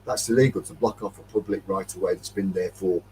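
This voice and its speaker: A man's voice: deep voice, fairly even intonation, fast talker, dark tone, far from the mic, slight background noise, poor audio. A man from Derbyshire with a Midlands accent, hosting a casual chat, rambling through a story and acting out the dialogue after a few beers. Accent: English Midlands. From Derbyshire, England. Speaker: metal detecting chat host.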